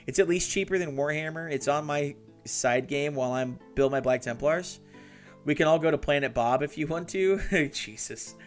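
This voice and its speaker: Guy hosting a hobby stream, chatty and animated, swearing and laughing, faint music under it. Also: on the high side, normal speed. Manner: animated, swears and laughs a lot, reads chat aloud. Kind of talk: casual live-stream banter.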